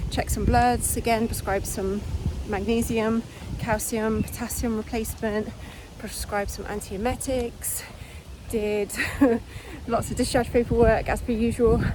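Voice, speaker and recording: A woman's voice: a little high, background noise. Candid woman in her forties. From United Kingdom. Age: 40s. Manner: soft, candid and introspective, with sighs. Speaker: junior doctor and vlogger. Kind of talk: reflective vlog talk to camera.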